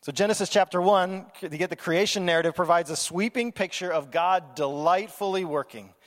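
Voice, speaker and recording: Male pastor, high-pitched, lively conversational sermon, long hall reverb. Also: brisk. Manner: animated, conversational preaching with playful asides.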